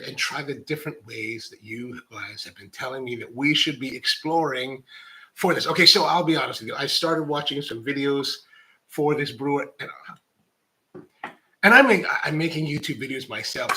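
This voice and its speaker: A man's voice: medium pitch, normal speed, bright, forceful tone, low-quality recording. A man from the United States, a coffee professional hosting his own channel, chatting casually to camera in a rambling, candid, self-deprecating way full of "like" and restarts.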